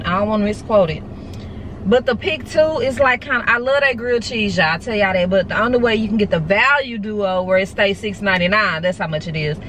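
A middle-aged woman vlogging in a chatty, animated way and talking straight to her viewers. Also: mid-range voice, a little hiss or hum. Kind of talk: casual chatty vlog.

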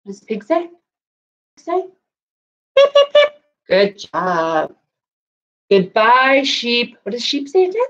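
Animated woman reading to children. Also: on the high side, takes it slowly, long pauses, dull audio. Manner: sing-song, animated, does animal sounds for kids. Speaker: children's librarian. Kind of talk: children's story time and craft.

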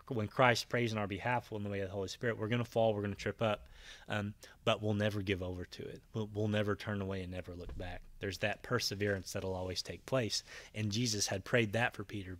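A man's voice: fairly low pitch, fairly even intonation, a little fast, a bit bright, dry recording. A man preaching a conversational Bible-teaching sermon, retelling scenes with voiced quotes and frequent fillers and restarts. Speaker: pastor.

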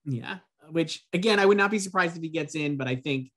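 A man with a fairly high voice talks through awards predictions in an easygoing, wry way. He builds his case in relaxed conversational turns. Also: fairly quick. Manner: easygoing and wry, lays out arguments. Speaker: awards pundit. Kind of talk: casual panel discussion.

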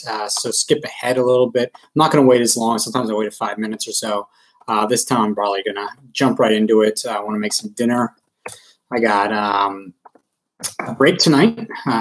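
On a live stream, a Maryland man who breaks cards chats in a loose, rambling way, full of ums and uhs and self-deprecating remarks. He has a mid-range voice, captured on a rough recording.

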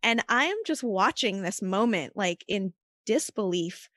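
In a clean, echo-free studio recording, a mother on a podcast relates a personal story in a chatty, earnest, casual manner, leaning heavily on "like" and "you know." She has a mid-range, fairly bright voice that is expressive and unhurried.

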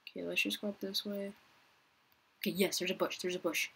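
A woman talking through an online game for her viewers, chatty and quick to get frustrated. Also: fairly low pitch, level tone, creaky, fairly bright tone, breathy edge. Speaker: gaming YouTuber. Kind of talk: casual gameplay commentary.

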